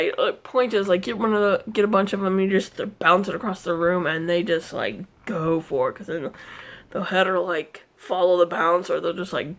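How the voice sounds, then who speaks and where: Chatty, easily distracted woman vlogger. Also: vocal fry. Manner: scolds her cat in a high voice. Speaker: cross-stitch vlogger. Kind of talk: casual crafting vlog chat.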